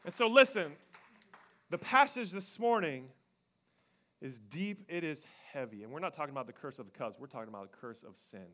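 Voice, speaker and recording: High, bright-voiced male pastor preaching. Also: fairly quick. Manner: animated preaching, swinging from loud emphasis to hushed whispers; acts out voices of people he quotes, joking. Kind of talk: sermon.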